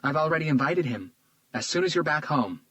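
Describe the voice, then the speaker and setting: A man's voice: fairly high pitch, lively intonation, brisk, fairly bright tone, no echo, voice pushed up, poor audio. A man voicing a sweet, teasing young woman.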